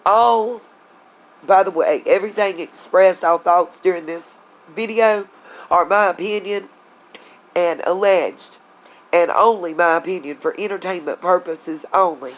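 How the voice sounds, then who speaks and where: A woman's voice: fairly low pitch, low-quality recording. A woman, angrily venting to her viewers in a casual vlog, blunt and heated, talking to them as y'all. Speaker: vlogger. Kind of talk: angry casual vlog rant.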